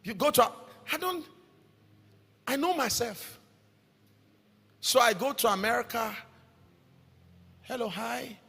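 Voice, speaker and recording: A man with a Nigerian accent preaching a fervent sermon. He calls out to the congregation, his voice rising into sing-song lines and sudden shouts. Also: very high-pitched, expressive, a little slow, pauses often, breathy edge. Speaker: pastor. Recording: echoey hall with faint music.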